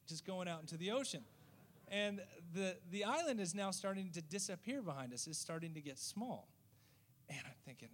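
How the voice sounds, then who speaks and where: A man, a missionary, telling a story in a lively way and acting out the voices of the people in it. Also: high-pitched, fairly quick, slight background noise. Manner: lively, acts out quoted voices. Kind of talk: storytelling testimony.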